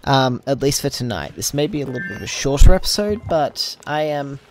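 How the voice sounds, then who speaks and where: A man talking through a building game as he plays, pausing often with ums and wandering off on tangents. His voice sits at an ordinary middle pitch. Faint music plays underneath. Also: animated. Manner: rambling, thinking aloud with many fillers. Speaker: gameplay video host. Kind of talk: casual gameplay commentary.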